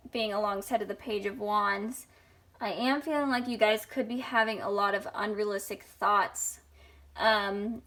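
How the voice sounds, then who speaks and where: A young woman giving a casual tarot reading, talking in a rambling, chatty way with many pauses and fillers. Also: medium pitch, fairly bright tone. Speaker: tarot reader.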